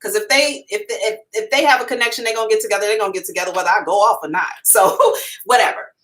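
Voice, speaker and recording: A woman hosting a psychic livestream tells a story with a bright, forward tone. She is animated and frank, swears casually, and keeps turning to her viewers directly. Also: medium pitch, fast talker, recorded from a distance, poor audio. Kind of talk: storytelling to a live audience.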